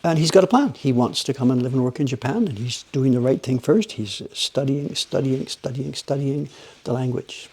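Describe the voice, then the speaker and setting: Guy with a raspy gravelly voice rambling to his stream viewers while carving woodblocks. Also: mid-range voice, moderate pace. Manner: rambling, animated storytelling, chats with viewers. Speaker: livestream host, woodblock carver. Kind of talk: casual chat while working. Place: workshop.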